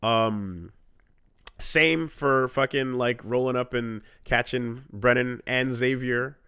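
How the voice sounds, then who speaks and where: A man's voice: mid-range voice, slow pace, sharp tone, smooth, no room sound, studio quality. Canadian man rambling on a podcast. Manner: rambling, restarts, swears often. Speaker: podcast co-host. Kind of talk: casual chat.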